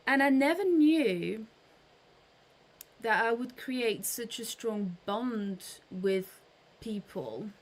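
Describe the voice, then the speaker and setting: A woman's voice: a little high, animated, very slow. A woman hosting a casual livestream, chatting with her audience, greeting viewers by name, with frequent fillers and restarts. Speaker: livestream host.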